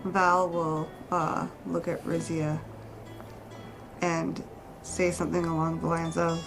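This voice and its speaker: A woman playing a tabletop game, slowly and haltingly describing what her character does. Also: fairly low pitch, level tone, over music, poor audio. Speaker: player. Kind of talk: tabletop role-play.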